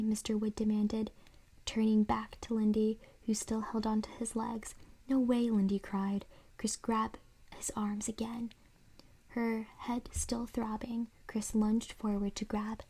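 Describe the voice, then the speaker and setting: Woman, unvoiced whisper, breathy, mellow tone, even steady reading, whispered role-play. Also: on the high side. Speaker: ASMR reader.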